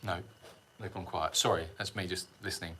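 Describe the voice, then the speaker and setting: A man's voice: low voice, steady tone, fairly quick, bright, forceful tone, slight background noise. A middle-aged man hosting a casual livestream, rambling and self-mocking, reading out viewer comments and chuckling often. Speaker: sanctuary livestream host.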